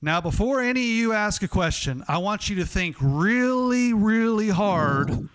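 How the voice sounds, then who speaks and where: A man doing a gruff, menacing old coach. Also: sits high, lively intonation, fairly bright tone, pitched above the performer's own voice. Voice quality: slow, pointed, menacing emphasis. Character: gruff intimidating older male basketball coach.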